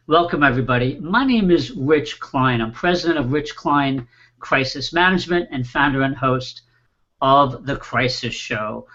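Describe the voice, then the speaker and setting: A man hosting an online panel show, warmly introducing his guests and filling pauses with small "uh"s. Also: on the high side, muffled recording. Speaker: host.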